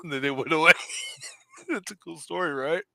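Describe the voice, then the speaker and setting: A man's voice: on the high side, measured pace, gravelly, pushed and bright, a little hiss or hum. A man co-hosting a casual chat show, teasing his partner and laughing often. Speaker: podcast co-host.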